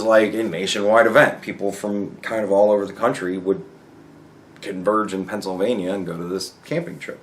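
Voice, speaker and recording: A man's voice: lowish voice, a little hiss or hum. A young man rambling casually in a vlog, swearing a lot, laughing often and acting out his stories. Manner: profane, laughs often, animated storytelling. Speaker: vlogger.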